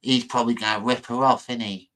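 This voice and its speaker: A man's voice: medium pitch, steady tone, quick pace, a bit bright, slight background noise. A man giving casual reaction commentary on a video he is watching, chatty and mocking, often stumbling over his words.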